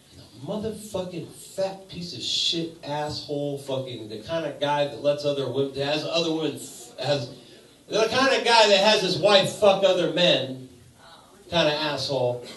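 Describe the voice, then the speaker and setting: A male stand-up comic tells a profane, animated story in a bar, and his bright, high-ish voice jumps all over the place. He sounds a little far from the mic, and the room rings with echo. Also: normal speed. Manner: profane, animated storytelling with sudden loud outbursts. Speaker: stand-up comedian. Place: bar stage. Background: audience laughter.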